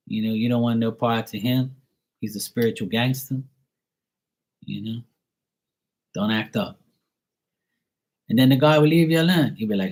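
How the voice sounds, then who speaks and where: A man's voice: medium pitch, moderate pace, pauses often, darkish tone. A middle-aged man reading tarot on a live stream, chatting casually and bantering playfully with viewers in the chat.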